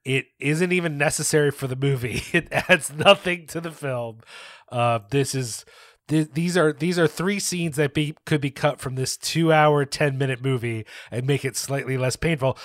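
A man's voice: medium pitch, moderate pace, dry recording. Blunt podcast cohost guy, dry close sound, sneery and casual. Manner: blunt, scornful critic. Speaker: podcast co-host.

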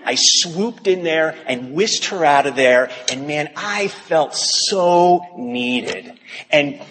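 A man's voice: mid-range voice, a bit bright. A man giving a candid, self-mocking open talk to a recovery meeting. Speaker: Al-Anon speaker. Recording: reverberant hall, faint background noise.

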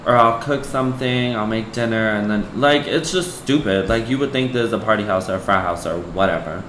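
A man's voice: on the low side, brisk, fairly bright tone, reverberant, slight background noise, low-quality recording. A man co-hosting a podcast in casual chat, exasperated and chatty, full of "like" and "girl". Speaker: podcast co-host. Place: apartment room.

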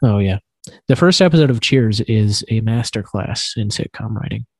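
A man's voice: lowish voice, expressive, normal speed, dry recording. A man hosting a podcast over a video call, chatting casually with wry jokes. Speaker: podcast host. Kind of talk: casual chat. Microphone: own mic on a video call.

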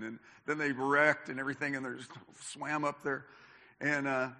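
Bright-voiced male preacher in a hall. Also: mid-range voice, flat delivery, fairly quick, gravelly. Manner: conversational, many restarts and asides. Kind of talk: sermon.

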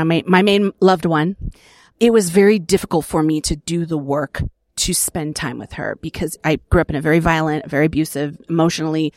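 A middle-aged woman sharing her recovery story in an earnest, reflective way, with soft laughs between phrases. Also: low-pitched, no echo, clean studio sound. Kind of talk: personal testimony.

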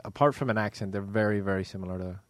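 A fast-talking American man whose speech carries a slight Northern Irish lilt. His voice sits a little low, and it is recorded dry and close in the studio. He chats with the hosts in a friendly, easy way. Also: dry recording. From United States. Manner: quick, friendly, laughs easily. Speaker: radio show guest. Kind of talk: casual talk-radio chat.

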